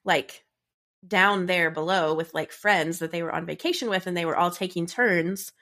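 A woman's voice: fairly low pitch, moderate pace, bright, forceful tone. A woman in her thirties co-hosting a podcast, chatting casually from a home closet, sounding stuffy from a cold and rambling with many fillers. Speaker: podcast co-host. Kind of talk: casual chat. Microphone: home recording from a closet.

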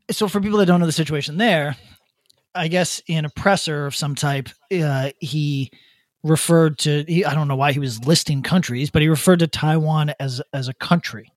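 A man's voice: fairly high pitch, no room sound, studio quality. Blunt, profane male podcast host. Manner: profane, blunt, halting restarts. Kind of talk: casual opinion rant.

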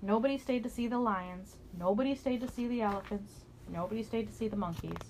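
A woman reading a children's picture book aloud in an expressive storytelling voice. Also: mid-range voice, fairly quick, a little hiss or hum, poor audio.

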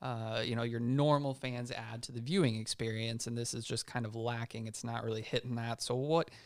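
A man's voice: medium pitch, flat delivery, fairly quick. A man co-hosting a casual sports podcast, speaking thoughtfully and with some hesitation. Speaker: podcast co-host.

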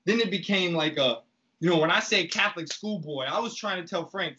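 A man's voice: high-pitched, fairly quick, pushed and bright, slightly rough, lo-fi sound. A man telling a story in casual, profane talk, acting out the lines he quotes. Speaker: podcast guest recounting reality TV.

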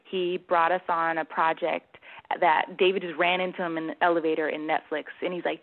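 A woman film producer, a guest on a talk show, telling a story in a steady, detailed way. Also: on the low side, normal speed. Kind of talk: casual interview chat. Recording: tinny phone line.

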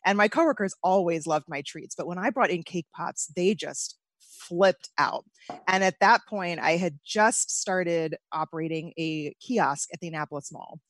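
A woman's voice: fairly low pitch, moderate pace, no echo. Chatty woman bakery owner, dry sound. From United States. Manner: chatty, laughs easily. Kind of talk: casual interview.

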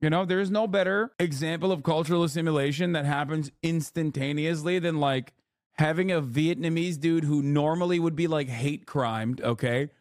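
A man's voice: fairly high pitch, moderate pace, no room sound, studio quality. A man hosting a live stream, reacting to video clips with mocking, profane commentary and laughing asides. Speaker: streamer host.

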